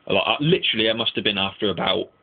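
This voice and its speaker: A man's voice: lowish voice, racing, slightly rough. A man casually recapping an anime episode in a rambling, swearing way, acting out the characters' lines. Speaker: anime reviewer. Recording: tinny, phone-like lo-fi sound.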